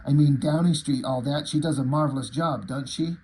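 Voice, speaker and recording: A man's voice: on the high side, fairly quick, mellow, a little hiss or hum, lightly acted. A man reading aloud the lines of a creepy male government assassin in a comic, with a wheedling, insinuating way of asking questions.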